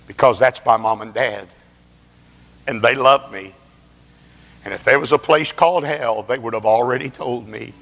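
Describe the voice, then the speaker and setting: A male preacher voicing a dying teenage boy who flatly refuses to believe, in a sermon recorded in a reverberant hall. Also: mid-range voice, normal speed, gravelly, pauses often. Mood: defiant. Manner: flat, unbelieving. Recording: long reverb of a large hall.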